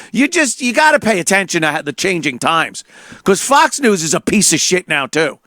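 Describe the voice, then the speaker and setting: A man's voice: sits high, big pitch swings, normal speed, bright, forceful tone, dry recording. A man hosting a talk show, delivering a heated, profane political rant full of stammered repeats into a studio mic.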